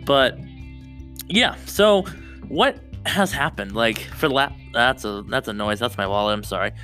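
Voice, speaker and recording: Young guy podcasting solo, bright voice, keeps restarting sentences, faint guitar in the back. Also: medium pitch, animated, a little slow. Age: young adult. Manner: rambling, self-interrupting, restarts often. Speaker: podcast host. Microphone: close podcast mic.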